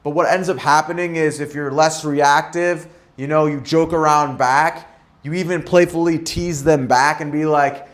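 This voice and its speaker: A man's voice: on the high side, steady tone, moderate pace. A young man coaching on dating in a casual monologue, often tagging his points with "right?" and "okay?". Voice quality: ends points with "right?" and "okay?" tag questions.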